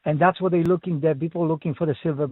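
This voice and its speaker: A man's voice: fairly high pitch, steady tone, fast, crowd noise. A man calling in to a radio show, speaking earnestly with non-native phrasing. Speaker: caller. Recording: phone line.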